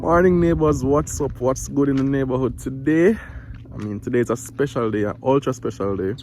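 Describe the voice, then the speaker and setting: A Jamaican dad talks to his viewers in a casual vlog, warm and a little preachy, often tripping over his words and repeating them. His voice sits at an average pitch for a man. Soft guitar music plays clearly behind him. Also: fairly quick, poor audio. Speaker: vlog host, father. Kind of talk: casual vlog with a devotional message.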